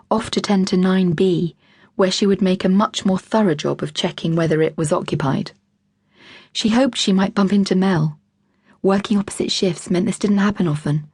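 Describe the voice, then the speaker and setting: Husky-voiced woman narrating an audiobook. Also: fairly low pitch, dry recording, clean studio sound. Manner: measured, expressive storytelling. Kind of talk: scripted narration.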